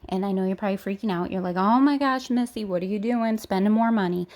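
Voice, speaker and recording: A woman vlogger chatting excitedly to her viewers as she walks them through an app on screen. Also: medium pitch. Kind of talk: casual screen-walkthrough chat.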